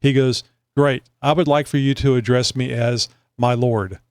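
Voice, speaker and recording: A male podcast host rambles through a casual chat, dropping in plenty of fillers. His mid-range voice is a little mellow, with fairly even intonation and normal speed, captured in a clean studio with no room sound.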